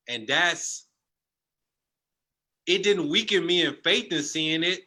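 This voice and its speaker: A man's voice: fairly high pitch, slow, sharp tone. A man telling a passionate personal testimony as a guest, in a storytelling manner.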